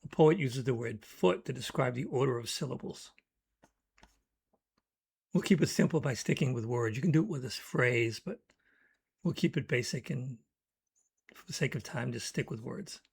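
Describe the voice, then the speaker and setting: A man's voice: mid-range voice, expressive, moderate pace, creaky, long pauses, darkish tone, husky. A man explaining how he writes poems in a thoughtful, teaching manner, reading out short word examples. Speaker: poetry teacher. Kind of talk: educational talk.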